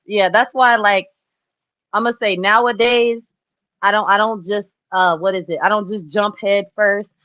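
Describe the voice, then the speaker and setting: A woman's voice: mid-range voice, steady tone, unhurried, dry recording, lo-fi sound. A woman chatting casually with viewers on a live stream, laughing often and acting out what people said.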